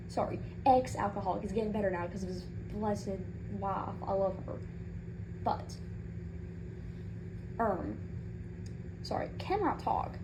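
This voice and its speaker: A woman doing a comedic in-character rant as a proud mother, sassy and rambling, indignant on her son's behalf. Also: on the high side. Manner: sassy, rambling, indignant, with Southern-style turns of phrase. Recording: noticeable background noise.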